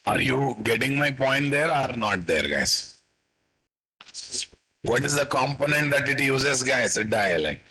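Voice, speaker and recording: A man with an Indian English accent teaching a live coding class, slowly dictating code and repeating questions to his students before answering them himself. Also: mid-range voice, expressive, sharp tone, breathy edge, poor audio. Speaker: programming instructor.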